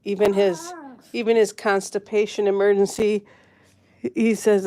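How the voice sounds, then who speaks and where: The host of a pet channel live stream chats casually from home, rambling through a story, laughing often, and saying hello to viewers. Her mid-range voice is level, warm, and unhurried.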